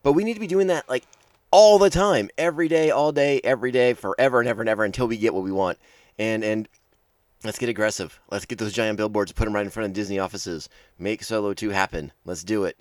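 A man's voice: on the low side, fast talker, dry recording, clean studio sound. A man hosting a casual show episode breakdown podcast, talking enthusiastically and rambling with many restarts. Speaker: podcast host.

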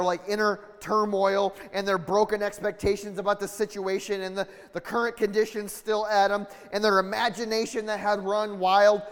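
A man preaching with a high voice, earnest and building in intensity, acting out the lines of the people in the story. His voice rings through a hall with a long reverb tail. It sounds like a sermon given in a church. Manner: earnest, building intensity, acts out quoted dialogue.

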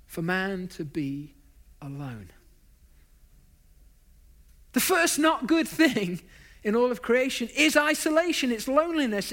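A man's voice: very high voice, fairly bright tone. A man preaching a sermon, stacking up emphatic lists of phrases and dropping in self-deprecating asides.

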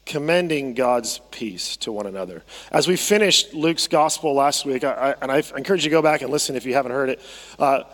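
A man's voice: medium pitch, a little fast. Male pastor preaching in a reverberant church. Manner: conversational, repeats phrases, asks congregation to respond. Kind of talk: sermon. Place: church sanctuary.

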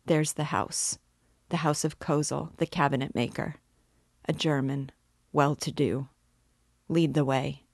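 A woman's voice: sits low, steady tone, measured pace, creaky, pauses often, dry recording, studio quality, full character voice. A woman reading the part of a drunken, despairing middle-aged male clerk in an audiobook, in a pleading, rambling manner.

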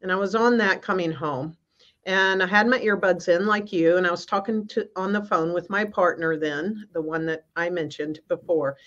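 A woman guest minister telling a personal spiritual story on a video call, in an earnest, halting way with many restarts. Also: on the low side, fairly bright tone. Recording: slightly muffled.

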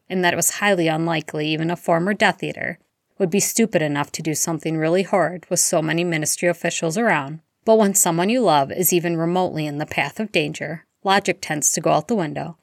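A woman reading fan fiction aloud in steady, even narration. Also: sits low, gravelly, no echo, studio quality. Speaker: audiobook reader.

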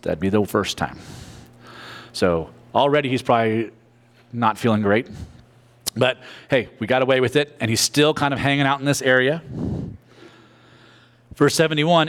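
A man preaching a sermon in church, telling the story with animated voices and jokey asides. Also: medium pitch, moderate pace, long pauses. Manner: animated storytelling, acting out characters. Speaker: pastor.

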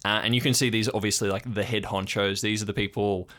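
Give me a low-pitched man as game master, relaxed and halting. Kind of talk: narrating a tabletop game.

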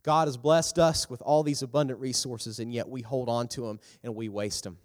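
A man preaches a youth sermon in a mid-range voice, turning animated and loud whenever he acts out a scene. His words carry a long reverb from a large hall. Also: moderate pace. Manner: animated, acts out characters with big pitch jumps. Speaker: youth pastor.

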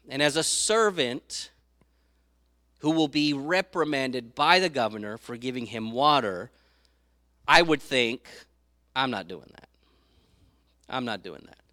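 A man preaching a sermon, retelling Bible stories with lively acted-out voices and reading scripture aloud. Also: mid-range voice, no echo, clean studio sound. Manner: animated storytelling, acts out quoted speakers; reads scripture aloud in old-fashioned wording.

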